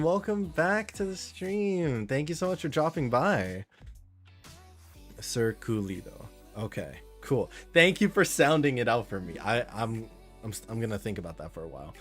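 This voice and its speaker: Streaming a game live, a man with a voice on the low side keeps up easygoing, meandering talk with viewers and reads out their chat messages.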